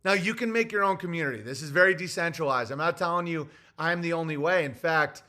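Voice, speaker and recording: A male comedian rants in a blunt, sarcastic, heated monologue. His voice sits high and sounds bright and forceful, pressing each point hard. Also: quick pace. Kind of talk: ranting monologue.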